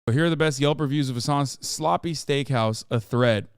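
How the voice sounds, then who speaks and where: A man hosting a livestream in casual chat, reading viewer posts aloud in an offhand, sarcastic way with loud outbursts. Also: mid-range voice, brisk, clear, resonant tone, no echo, clean studio sound. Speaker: livestream host.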